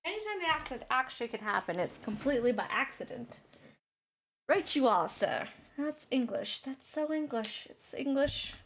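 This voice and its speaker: A woman's voice: high voice, animated, fairly quick, few pauses, fairly bright tone, a little hiss or hum. A woman giving playful, self-mocking let's play commentary and swearing now and then. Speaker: gaming streamer. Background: game music.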